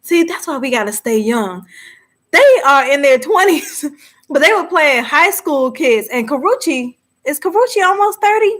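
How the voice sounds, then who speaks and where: A woman's voice: sits high, a little slow. Chatty woman hosting a live movie chat. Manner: chatty and animated, laughing often. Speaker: host of a live movie discussion show. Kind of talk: casual live chat reacting to viewers.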